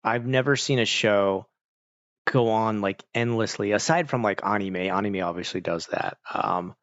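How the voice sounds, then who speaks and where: A man's voice: fairly low pitch, normal speed, a bit bright, dry recording, muffled recording. A man streaming and chatting casually with viewers, rambling, saying "like" a lot and laughing often. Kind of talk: casual chat.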